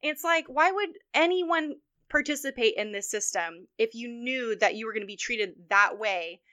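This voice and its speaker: Woman podcast co-host, higher bright voice, fired-up profane rant. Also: expressive, moderate pace, clear, resonant tone. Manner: heated, profane ranting. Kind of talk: casual political chat.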